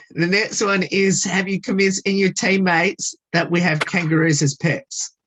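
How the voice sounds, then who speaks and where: A radio host asking interview questions over a video call, hesitant and full of "um" fillers, laughing often. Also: male voice, sits high, little pitch movement, moderate pace, background noise.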